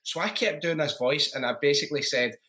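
Scottish man, host, bright and forceful tone, casual storyteller. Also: fairly high pitch, fairly quick. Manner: lively, swears freely, laughs at his own stories. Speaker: podcast host.

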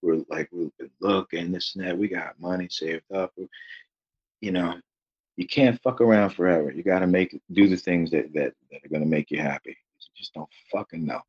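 Male guest, low husky voice, rambling storyteller who swears freely, dull lo-fi remote audio. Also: moderate pace. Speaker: guest, author. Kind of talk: casual interview chat.

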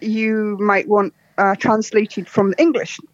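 A woman from Scotland with a soft, posh Scottish accent, chatting as a podcast guest, laughing often and telling jokes. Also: mid-range voice, fairly even intonation, takes it slowly, no room sound, highs cut off. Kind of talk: casual interview chat.

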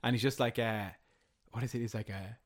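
A man's voice: mid-range voice, fairly even intonation, fairly quick. A young Irish man hosting a casual podcast chat with friends, talking in a rambling, reflective way full of fillers. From Ireland. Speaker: podcast host.

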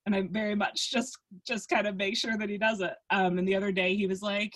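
A woman co-hosting a laid-back podcast, chatting casually and giggling often. She tells long, rambling stories full of restarts and asides, at a middling pitch. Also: little pitch movement, a little fast, a bit bright. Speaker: podcast co-host. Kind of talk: casual chat.

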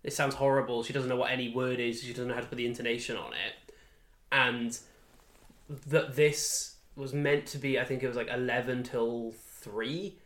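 Animated swearing man in an echoey room. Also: medium pitch, moderate pace. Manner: animated storytelling, swears often, mimics people. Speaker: podcast co-host. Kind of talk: casual chat.

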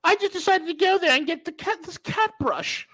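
A man mocking a whiny falsetto complainer. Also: expressive, moderate pace, pushed and bright, exaggerated voice, rough recording. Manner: sneering parody. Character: whiny self-pitying vaccinated adult man.

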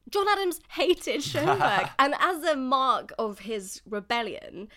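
A woman's voice: sits high, expressive, takes it slowly, bright, forceful tone. A woman co-hosting a podcast, chatting casually and giggling often as she talks about classical music. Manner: giggly, chatty, self-deprecating. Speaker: podcast co-host.

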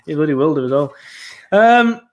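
Guy hosting a footy podcast, bit high voice, rambly chat with loads of ums. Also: animated, normal speed, darkish tone, highs cut off. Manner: chatty, rambling, lots of fillers. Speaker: podcast host. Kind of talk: casual football podcast chat.

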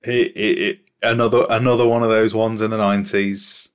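A man's voice: fairly low pitch, flat delivery, brisk, clean tone. A man in casual podcast chat, running a quiz with a dry, playful, teasing manner.

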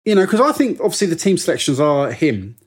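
Brief: husky, slightly high man, chatty football podcast co-host. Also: sing-song, fast. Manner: chatty, jokey, mimics people mid-story. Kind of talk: casual football chat.

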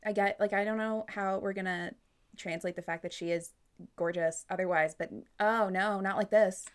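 A woman's voice: mid-range voice, fairly even intonation, moderate pace. A young woman co-hosting a casual podcast about a book, blunt and joking, swearing freely. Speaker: podcast co-host. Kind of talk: casual book-club chat.

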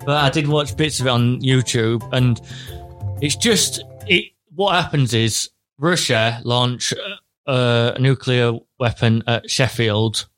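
A man co-hosting a podcast, chatty and animated as he recounts a film. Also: mid-range voice, takes it slowly, soft background music. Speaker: podcast co-host. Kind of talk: casual chat.

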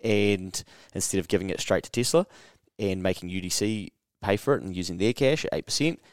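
A man hosting a podcast, telling a story in casual chat, animated and swearing freely. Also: deep voice, fairly quick, no echo, clean studio sound. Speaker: podcast host.

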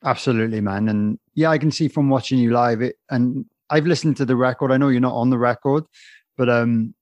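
Male interviewer, mid-pitched, eager and rambling, dry sound. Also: brisk, darkish tone, no room sound, lo-fi sound. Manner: enthusiastic, rambling, says man a lot. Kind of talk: casual interview chat.

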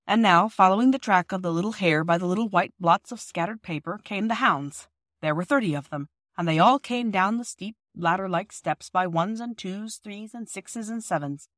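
A woman reading a classic children's novel aloud, acting out the dialogue with lively voices. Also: fairly low pitch, fairly quick, no echo, studio quality. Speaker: audiobook reader.

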